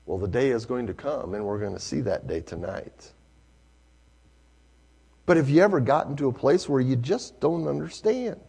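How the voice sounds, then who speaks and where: A male preacher, telling a story in a sermon, swinging from hushed to loud. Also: medium pitch, animated, normal speed, gravelly, husky.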